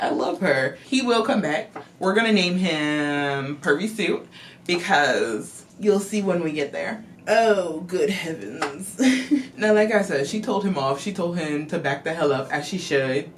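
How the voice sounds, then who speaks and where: A woman vlogger giving a casual, profane, animated movie recap to camera. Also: fairly low pitch, measured pace, a little hiss or hum.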